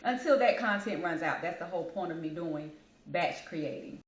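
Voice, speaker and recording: A woman's voice: lowish voice, expressive, normal speed. Grieving woman vlogging in an echoey room. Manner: candid and heartfelt, addresses viewers as y'all. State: grieving, holding back tears. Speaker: channel host. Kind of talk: personal vlog talking to camera.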